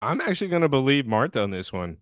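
A man's voice: medium pitch, sing-song, no echo, clean studio sound. A man co-hosting a casual podcast, tossing in teasing quips and jokes. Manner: joking, quick teasing quips. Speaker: podcast co-host. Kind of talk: casual chat.

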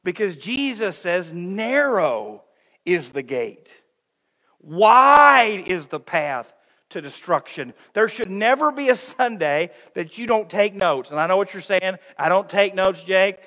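A man's voice: high-pitched, very animated, slow pace, pushed and bright, in a large hall. A man preaching a sermon to his congregation, calling them friends and acting out everyday quotes with humor. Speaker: pastor. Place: church sanctuary.

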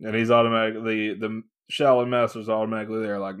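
Speaking a little fast with a flat delivery and a lowish voice, this man co-hosts a podcast about a comic book. The chat is casual, full of swearing and frequent laughter, and he acts out the characters' dialogue.

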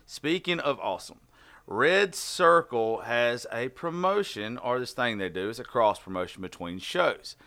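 A man's voice: medium pitch, pushed and bright. A man with a Southern US accent hosting a casual podcast interview, laid-back and profane, stumbling when he reads aloud. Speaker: podcast host.

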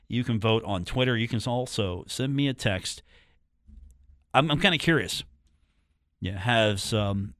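A man hosts a sports radio show in a dry, close-miked studio. He talks casually and jokily, repeating phone numbers and pet phrases as he riffs with his listeners. His voice sits at a middle pitch. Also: fairly bright tone, smooth, no room sound. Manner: chatty, joking, repeats phone numbers and catchphrases. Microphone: studio microphone.

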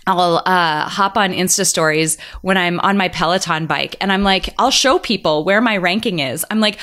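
A woman's voice: fairly low pitch, normal speed, few pauses, fairly bright tone. A woman in her thirties hosting a podcast, talking in an upbeat, emphatic and earnest way. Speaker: podcast host. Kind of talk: casual conversation.

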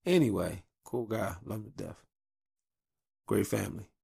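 A man in his thirties hosting a podcast, giving casual advice in a blunt, profane, animated monologue recorded at a home mic. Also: on the low side, normal speed, gravelly, slightly rough, no echo, studio quality. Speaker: podcast host.

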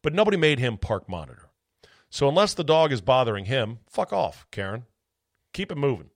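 A man's voice: mid-range voice, big pitch swings, quick pace, no room sound, clean studio sound. A man hosting a solo sports talk podcast, ranting bluntly with profanity and sarcasm.

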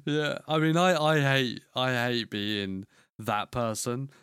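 A man's voice: medium pitch, fairly even intonation, slow pace, fairly bright tone, clean tone, no room sound, studio quality. A man co-hosting a podcast, chatting casually and swearing freely. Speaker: podcast co-host. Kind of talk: casual podcast chat about survival games.

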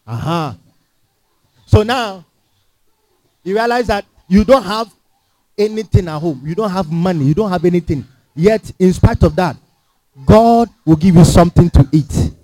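A man's voice: high-pitched, a little slow, pauses often, warm tone, no room sound. A man preaching a sermon in a church, emphatic and full of rhetorical questions to the congregation. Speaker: pastor.

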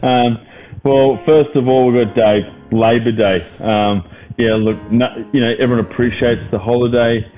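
A man's voice: medium pitch, fairly even intonation, moderate pace, dull audio, soft background music. A man co-hosting a podcast, rambling with lots of fillers and swearing as he ribs his mates. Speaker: podcast co-host. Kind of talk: casual banter.

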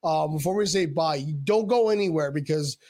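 A man's voice: fairly high pitch, normal speed, darkish tone. A male host in casual chat, bluntly swearing and prodding his guest for details.

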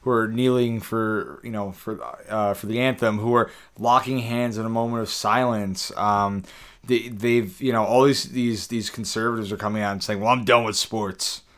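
Low-voiced male podcast co-host. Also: steady tone, normal speed, clean tone. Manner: stop-start, repeats words as he restarts. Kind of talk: casual podcast chat.

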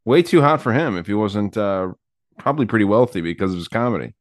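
A man's voice: fairly low pitch, lively intonation, fast, no echo. Guy rambling on a podcast, crude casual talk, dry sound. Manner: rambling, crude, lots of fillers. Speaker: podcast host. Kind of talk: casual chat.

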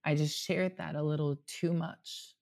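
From his apartment at home, a guest in his thirties rambles through a casual, heartfelt conversation, candid and long-winded, with frequent "like" and offhand cursing. His voice is a little high and gravelly, with a steady tone and measured pace.

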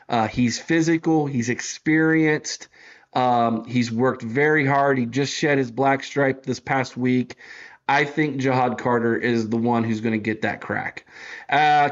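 A man's voice: medium pitch, lo-fi sound. A man co-hosting a sports podcast, running through player lineups in casual chat and sometimes stumbling over names. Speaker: podcast co-host.

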